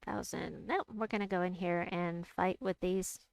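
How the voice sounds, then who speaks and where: A young adult woman chatting casually while she plays a game, reading out and answering her chat and squealing with excitement at big moves. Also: on the low side, moderate pace, creaky, no room sound. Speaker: game streamer. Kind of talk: casual gameplay commentary.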